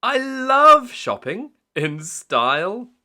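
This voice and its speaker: A man voicing an excitable little girl piglet in a storybook reading, squealing and gleeful. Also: very high-pitched, very slow, voice pushed up, full character voice.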